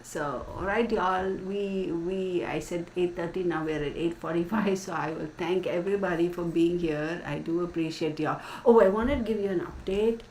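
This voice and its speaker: A woman hosting a casual livestream chats through her stories, laughing often and saying y'all, at a moderate pace with hardly any pauses. Her voice is on the low side and a little mellow. She's captured off-mic in an echoey room with faint hiss.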